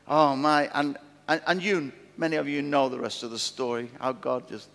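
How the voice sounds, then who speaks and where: Preaching in a big old theatre converted into a church, a middle-aged man serving as pastor tells stories in his sermon at medium pitch. He's animated, repeats himself, and restarts often. Long hall reverb surrounds his voice.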